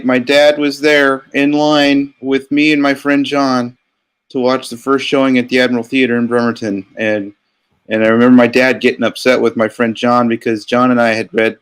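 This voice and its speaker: A man's voice: mid-range voice, flat delivery, moderate pace, smooth. A man co-hosting a stream, reminiscing casually with chuckles and many fillers. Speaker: co-host. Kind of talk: casual chat.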